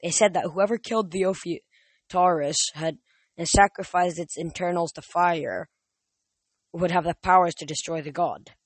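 A reader voicing a solemn young huntress who speaks in formal, old-fashioned phrasing. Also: female voice, fairly low pitch, normal speed, dry recording, lightly acted.

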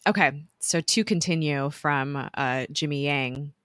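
A woman's voice: low-pitched, a bit bright, dry recording, clean studio sound. A woman co-hosting a podcast, chatting casually and recapping a TV episode with many fillers and restarts. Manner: chatty, halting, lots of fillers. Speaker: podcast co-host.

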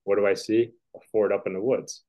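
A man's voice: on the low side, flat delivery, brisk, warm tone. A man in his forties, a guest on a video call, telling casual stories in a rambling way with lots of fillers. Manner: rambling, filler-heavy, chuckling. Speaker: podcast guest, tennis player. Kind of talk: casual storytelling. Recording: dull lo-fi call audio.

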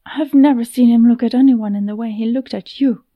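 A woman's voice: a little high, fairly even intonation, fairly quick, no echo, lo-fi sound, close to an everyday voice. A woman doing a pushy, teasing young woman. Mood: urgent. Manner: chatty, talks over others, teasing.

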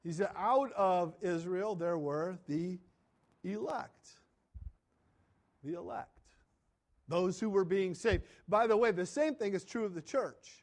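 A man preaching a sermon in a conversational way, asking questions and answering them himself, often trailing off quietly at the end of phrases. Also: sits high, slow, long pauses. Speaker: pastor.

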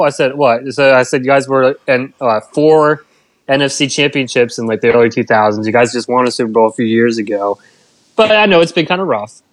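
A man co-hosts a casual podcast in a middle-pitched, everyday voice. He tells rambling stories with emotion and laughs often between his words. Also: a little fast, no room sound. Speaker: podcast co-host.

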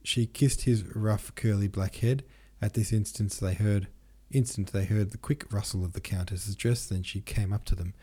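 A man narrating a classic novel in a measured reading. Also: on the low side, fairly even intonation, dark tone, breathy edge. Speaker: podcast host, reader. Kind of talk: scripted narration.

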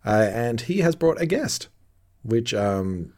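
A man's voice: medium pitch, big pitch swings, takes it slowly, a little mellow, husky. A man co-hosting a casual podcast, recapping a TV episode with lots of laughter and playful mock indignation. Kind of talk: casual chat.

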